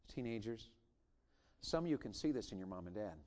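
A middle-aged man preaching a sermon in a church, swinging from loud emphatic lines to hushed intimate ones, with joking asides. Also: medium pitch, sing-song, brisk, long pauses. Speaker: revival preacher. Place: church sanctuary.

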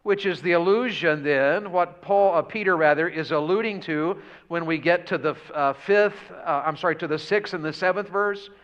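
A man's voice: fairly high pitch, moderate pace, hardly any pauses, a bit bright. A man preaching a revival sermon, folksy and full of questions to the congregation. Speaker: pastor. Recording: dull lo-fi church audio.

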